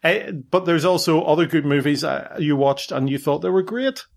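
Rambling dad hosting a podcast. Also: male voice, on the high side, moderate pace, gravelly. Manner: rambling, self-correcting, playful. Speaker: podcast host. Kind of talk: casual family podcast chat.

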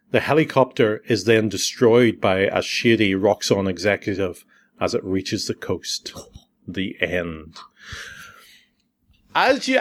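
Wry Northern Irish podcast host. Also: male voice, fairly low pitch. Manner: wry, jokey, then earnest. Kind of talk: casual chat, comic synopsis.

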